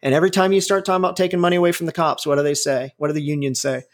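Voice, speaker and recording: A man's voice: on the high side, level tone, very fast, few pauses. A man in his forties giving his opinions in casual talk, blunt and profane, rambling with frequent restarts. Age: 40s.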